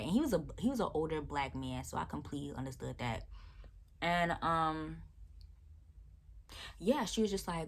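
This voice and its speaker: Low-voiced woman telling a heated story. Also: moderate pace, pauses often, slight background noise. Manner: animated, blunt and profane, retelling with heat. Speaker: vlogger. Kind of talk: storytime chat.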